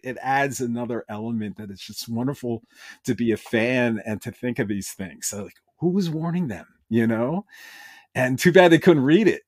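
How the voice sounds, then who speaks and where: A man's voice: mid-range voice, a little mellow, no room sound. A man in the middle of his vocal range, recapping a show for a podcast. He tells it with eager enthusiasm, and the sound is dry and close. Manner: enthusiastic, retells scenes with brief quoted voices. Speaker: podcast host. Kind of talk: casual episode recap.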